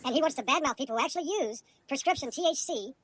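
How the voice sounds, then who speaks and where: A woman's voice: high-pitched, lively intonation, rapid-fire, a bit bright. A woman on a livestream in a furious, profane rant.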